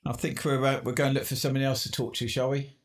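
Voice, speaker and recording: A man's voice: medium pitch, little pitch movement, very fast. A man from England working his amateur radio station, chatting casually between contacts and talking to himself as he tunes. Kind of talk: casual on-air radio chat.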